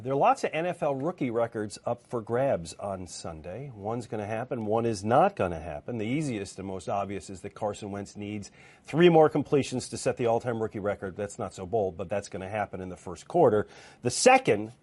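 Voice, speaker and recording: A man co-hosting a sports talk show, giving loose, joking football predictions with quick asides. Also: fairly low pitch, animated, a little mellow, husky. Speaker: football analyst.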